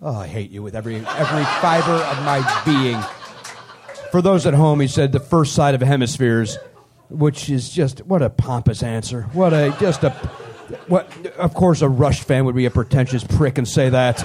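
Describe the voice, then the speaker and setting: A man hosting a live comedy show on a club stage, teasing the audience with quick sarcastic riffs. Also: mid-range voice, a little mellow. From Canada. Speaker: comedy podcast host. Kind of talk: live comedy crowd work.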